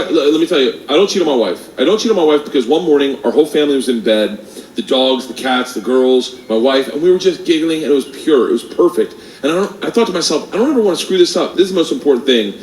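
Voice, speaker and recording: Loud, animated man in an echoey stage recording. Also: a little high, a little fast, far from the mic. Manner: loud, animated, laughing at his own story. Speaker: stand-up comedian. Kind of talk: stand-up storytelling. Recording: echoey stage sound from afar with noise.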